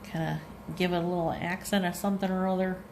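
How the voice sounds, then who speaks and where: A woman's voice: fairly low pitch, flat delivery, quick pace, darkish tone, slight background noise. A woman, a librarian leading a cheerful craft demo at her kitchen table, talking to viewers in a sing-song way.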